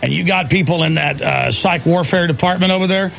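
Man, radio host, impassioned sarcastic rant, very gravelly voice, faint music behind. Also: a little high, brisk, fairly bright tone. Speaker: radio talk show host. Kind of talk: talk radio monologue. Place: radio studio.

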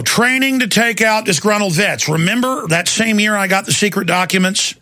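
A man's voice: sits high, moderate pace, few pauses, sharp tone, dry recording, studio quality. A man hosting a talk radio show, talking intensely and emphatically in a long monologue.

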